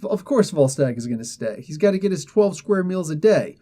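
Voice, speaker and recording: A man casually retelling a comic book story, animated and laughing, often slipping into the characters' voices. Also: on the high side, fairly quick.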